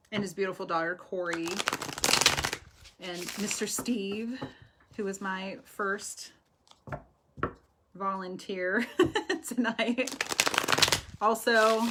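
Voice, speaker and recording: Lady doing tarot on a live stream, laughs a lot, talks slow, kinda noisy audio. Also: fairly low pitch. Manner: chatty, affectionate, laughs often. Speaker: tarot reader. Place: home, live video stream.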